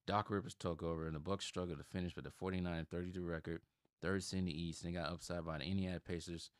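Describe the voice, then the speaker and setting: A man's voice: sits low, dry recording, studio quality. A man in his thirties from Milwaukee hosting a sports channel, giving opinionated commentary that turns heated and emphatic when he rants. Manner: heated, gets loud and emphatic when ranting.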